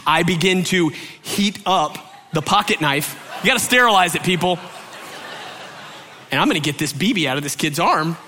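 A man from Georgia in the US telling a humorous personal anecdote, acting out the voices of the people in it and often adding "right?". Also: fairly high pitch. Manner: animated, acts out quoted voices, frequent "right?" asides. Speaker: storyteller.

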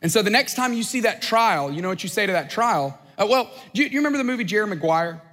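A pastor with a high voice preaches to his congregation, chatty and playful, dropping in jokes and silly voices. His words ring out with the long reverb of a large hall. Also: animated, fast, a bit bright. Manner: conversational, joking asides, playful put-on voices. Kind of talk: sermon.

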